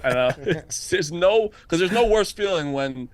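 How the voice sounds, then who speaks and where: A man chatting casually on a sports podcast, animated and laughing often, restarting his sentences. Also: high-pitched, unhurried. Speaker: podcast panelist. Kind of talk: casual chat.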